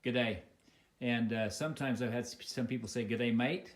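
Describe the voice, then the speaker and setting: An American man steers a casual home-video interview from a living room. He talks in a halting way, with frequent fillers and false starts, at a middle pitch that is neither high nor low. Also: steady tone. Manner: halting, many fillers and restarts.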